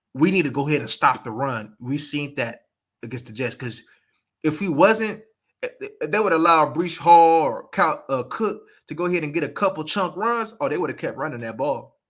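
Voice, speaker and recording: Man, sports show host, emphatic casual football talk, fairly high voice. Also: normal speed. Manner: animated, emphatic, repeats points.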